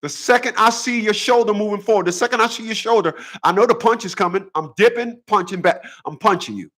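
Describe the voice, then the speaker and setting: A man's voice: high voice, a little fast, fairly bright tone. A man hosting his own channel, talking in a casual monologue. He is blunt and profane, and he repeats phrases over and over for emphasis. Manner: boxing talk, combative. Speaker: channel host.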